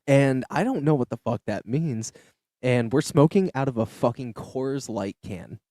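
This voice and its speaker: A man's voice: mid-range voice, measured pace, warm tone, no echo, studio quality. A young man hosting a podcast, telling a loose story full of swearing and fillers. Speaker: podcast host. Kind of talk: casual storytelling chat. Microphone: studio podcast mic.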